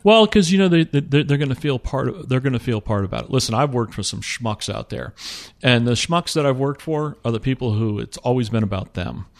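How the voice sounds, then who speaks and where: A man who runs a company, talking casually in an interview, relaxed and rambling with lots of fillers. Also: mid-range voice, brisk, vocal fry, few pauses. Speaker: company CEO.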